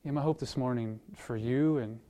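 Male pastor, conversational sermon delivery, lively storytelling with acted-out voices, restarts mid-phrase. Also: mid-range voice, normal speed. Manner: animated storytelling, acts out quoted voices; conversational, repeats words as he restarts.

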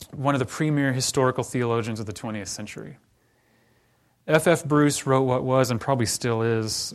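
A male pastor delivering a sermon in a mid-range voice. He talks in a storytelling way and grows quieter and slower as he moves into prayer. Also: mid-range voice. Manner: storytelling, then softer and slower toward the closing prayer.

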